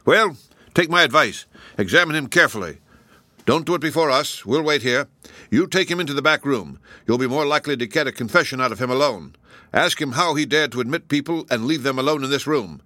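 A man voicing a sharp, commanding detective who gives crisp orders. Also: mid-range voice, expressive, a little fast, no echo, pitched above the performer's own voice.

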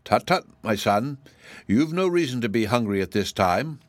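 A man's voice: mid-range voice, lively intonation, moderate pace, no echo, natural voice. A man voicing a huge old father dragon who scolds impatiently and talks down to others. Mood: chiding. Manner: chiding and pompous.

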